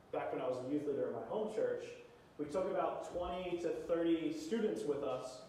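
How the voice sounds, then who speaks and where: A man's voice: on the high side, mellow, a little hiss or hum. A young man preaching a sermon in a casual, joking storytelling manner. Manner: casual, humorous anecdote-telling. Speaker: youth pastor preaching. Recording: echoey hall, mic at a distance.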